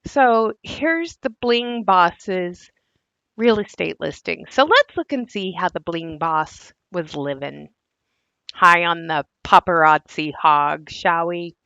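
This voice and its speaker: A woman's voice: fairly low pitch, lively intonation, takes it slowly, a bit bright, clear, resonant tone, no echo, muffled recording. A woman hosting a casual commentary video, sarcastic and given to laughing at what she shows. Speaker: commentary host.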